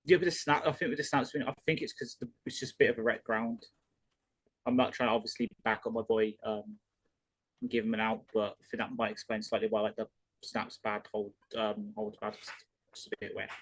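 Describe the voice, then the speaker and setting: A man's voice: fairly low pitch, steady tone, brisk, fairly bright tone, husky, dry recording. A British man co-hosting a live reaction stream, thinking aloud in a casual, hesitant way. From United Kingdom. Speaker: podcast co-host. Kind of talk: casual chat during live commentary.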